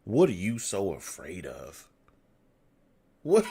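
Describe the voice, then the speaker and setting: A man hosts a live fan reaction show in a low, sing-song, slightly bright voice, unhurried and with long pauses. His casual talk is exasperated: he sighs, mutters, repeats himself and drops nearly to a whisper.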